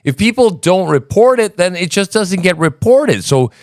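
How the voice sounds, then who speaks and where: A man's voice: high voice, sing-song, moderate pace, dry recording, studio quality. A man in a live audio chat, explaining emphatically and checking in with listeners. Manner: emphatic explaining, keeps asking "right?". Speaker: chat participant. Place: remote live audio room.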